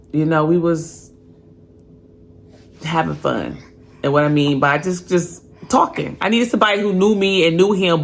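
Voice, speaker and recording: Candid woman telling her own story. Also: lowish voice. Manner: candid, animated, slangy. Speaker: podcast host. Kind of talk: casual personal storytelling.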